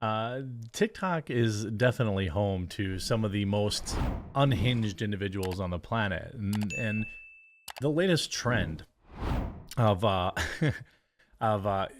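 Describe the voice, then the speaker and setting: A man hosting a reaction commentary, mocking and sarcastic as he talks over a clip. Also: lowish voice. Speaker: commentary host.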